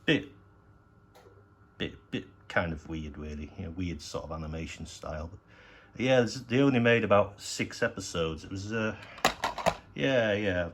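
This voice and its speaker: A man with a very deep voice talks through his collection in a loose, halting way, often restarting and swearing in passing. Faint background hiss sits under his voice. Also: expressive. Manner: rambling, hesitant, swears casually. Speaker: collector showing his DVDs. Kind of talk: casual unscripted show-and-tell.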